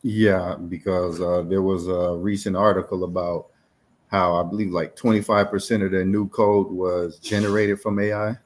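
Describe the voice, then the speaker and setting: A man's voice: low-pitched, level tone, moderate pace. A man co-hosting a casual tech podcast, talking in a thoughtful, musing way. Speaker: podcast co-host. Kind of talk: casual chat.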